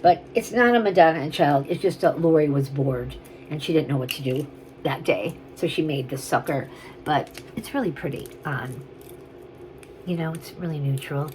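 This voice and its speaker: A woman's voice: low voice, moderate pace, darkish tone, a little hiss or hum, poor audio. Chatty woman selling vintage jewelry. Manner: chatty, rambling, gushing over pieces. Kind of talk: casual on-camera selling chat.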